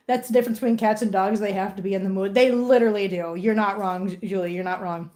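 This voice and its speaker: A woman's voice: mid-range voice, animated, brisk, darkish tone. A woman hosting a casual livestream at home, baby-talking to her cats and chatting with viewers. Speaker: host of a cat-care livestream.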